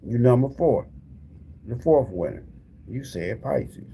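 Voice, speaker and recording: A man with a mid-range voice that's gravelly and dark in tone takes it slowly but stays expressive, with a little hiss or hum in the background. He hosts a tarot live stream, casually chatting and giving away prizes, and keeps repeating the same calls to viewers, whom he calls "y'all."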